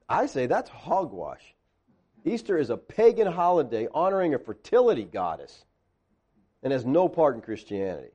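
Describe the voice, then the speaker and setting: A man preaching in a conversational teaching style, animated, tossing sarcastic asides and questions to his listeners. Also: mid-range voice, moderate pace, slightly rough.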